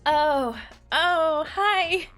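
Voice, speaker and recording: A woman's voice: very high voice, drawn-out words, fairly bright tone. A woman streaming live, chatting casually and nervously with her viewers, giggling and greeting people by name. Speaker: VTuber streamer. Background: faint background music.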